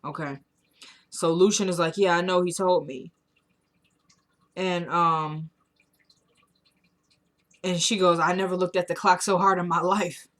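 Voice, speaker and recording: A woman talks through a recap of a TV drama episode in a relaxed, chatty way. She retells the scenes by voicing the characters' lines and breaks in with her own blunt opinions. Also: lowish voice, measured pace, long pauses. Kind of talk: casual recap chat.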